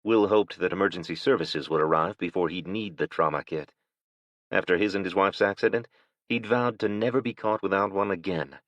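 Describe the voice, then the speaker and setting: A man reads an audiobook in a steady, measured voice. His voice is very low. The recording is dry and close, with a slightly dull, lo-fi tone. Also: no room sound. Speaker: audiobook narrator. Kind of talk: scripted narration.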